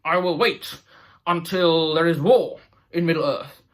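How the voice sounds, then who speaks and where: A man's voice: a little high, measured pace, lightly acted. A man voicing a greedy, gloating old male dwarf king, in a comic retelling. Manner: gloating, self-satisfied.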